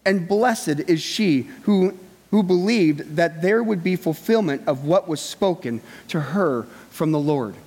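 A man's voice: fairly high pitch, animated, measured pace, darkish tone, big-room sound. A male pastor giving a sermon in a conversational way, often checking in with his listeners. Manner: conversational, with frequent "right?" asides.

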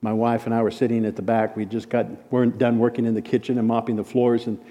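Warm-voiced male preacher in a hall. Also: medium pitch, little pitch movement. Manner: slow emphatic refrains, then quick hushed storytelling. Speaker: preacher and ministry director. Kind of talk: storytelling sermon. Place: conference hall. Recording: long reverb of a large hall.

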